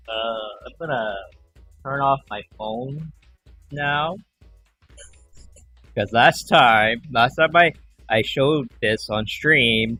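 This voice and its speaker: A man hosting a livestream, chatting casually in a rambling way and acting out callers in animated voices. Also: mid-range voice. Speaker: livestream host.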